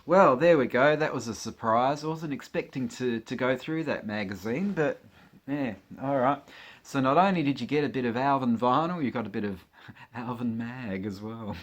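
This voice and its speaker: A man's voice: medium pitch, moderate pace. Giggly man chatting casually. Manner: chatty, giggly, joking asides while leafing through a magazine. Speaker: vlogger. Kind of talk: casual chat.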